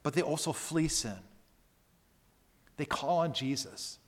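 Male pastor, emphatic sermon delivery, slow measured pace, long church reverb. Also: a little high. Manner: earnest, emphatic preaching with repeated phrases.

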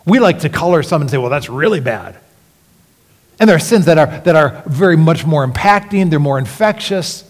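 A male pastor preaching with earnest conviction, his somewhat high voice swinging between hushed, near-whispered phrases and emphatic, rising appeals. The sound carries a long reverb from the church sanctuary around him. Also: animated, normal speed. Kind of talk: sermon.

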